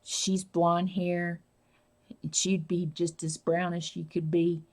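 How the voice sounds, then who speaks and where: A woman's voice: fairly low pitch, level tone, takes it slowly, darkish tone. A woman hosting a casual live stream, rambling and answering viewer comments as she talks.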